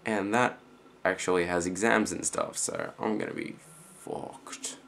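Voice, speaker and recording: Low gravelly Australian teen boy. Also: big pitch swings, a little slow, slight background noise. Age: teens. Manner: rambling, many fillers, trails off quietly. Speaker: student vlogger. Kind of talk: casual rambling reply to a friend.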